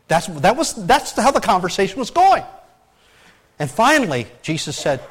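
A man preaching a sermon as pastor, animated and emphatic, with frequent restarts and loud peaks. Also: sits high, normal speed, pauses often, breathy edge.

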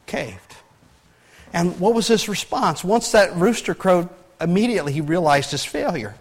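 High-voiced male pastor, folksy. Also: normal speed. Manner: folksy, asks the congregation rhetorical questions. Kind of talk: conversational sermon.

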